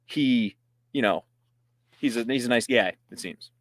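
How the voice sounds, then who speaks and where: A man co-hosting a casual podcast, relaxed, retelling scenes from a comic and laughing easily. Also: mid-range voice, a little slow, no room sound, studio quality. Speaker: podcast co-host.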